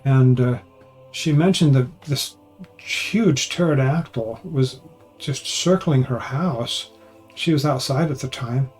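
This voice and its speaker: A man's voice: medium pitch, takes it slowly, a little mellow, husky, soft background music. A man narrating as a channel host in an informal, conversational way, sometimes hesitating and correcting himself.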